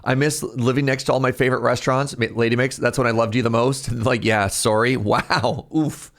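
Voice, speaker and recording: A man's voice: medium pitch, little pitch movement, a little fast, fairly bright tone. A man streaming live, chatting casually with his viewers in a jokey, talkative way and laughing often.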